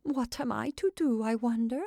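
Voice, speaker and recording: A woman's voice: on the high side, normal speed, creaky, warm tone, dry recording, clean studio sound, pitched above the performer's own voice. A woman voicing a scornful young Italian woman. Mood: disdainful. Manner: curt, disdainful. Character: haughty young Italian woman, sullen and contemptuous.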